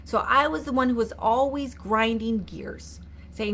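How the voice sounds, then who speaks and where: A woman mindset coach talks to her viewers on a live stream. Her voice sits a little high, and she is earnest and repetitive, with questions and prompts for comments. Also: a little slow, fairly bright tone, a little hiss or hum. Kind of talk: live-streamed motivational talk.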